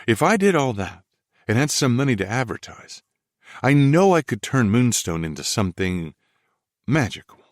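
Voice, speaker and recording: Audiobook: male narrator as an earnest young woman designer, higher voice, dry sound. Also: sing-song, normal speed, dry recording, natural voice. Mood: earnest, pleading. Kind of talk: audiobook character voice.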